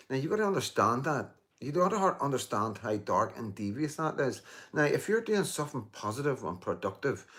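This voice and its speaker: A man in his fifties hosting a casual live stream, reading viewer comments, talking emphatically with lots of repeats and restarts, swearing and joking with commenters. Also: medium pitch. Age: 50s. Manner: emphatic, repeats himself, many restarts and "you know".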